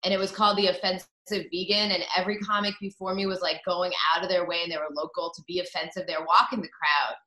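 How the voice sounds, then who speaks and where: A woman's voice: fairly low pitch, level tone, quick pace, few pauses, sharp tone. A woman comedian telling a story bluntly and candidly as a podcast guest. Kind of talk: casual storytelling. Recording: roomy echo.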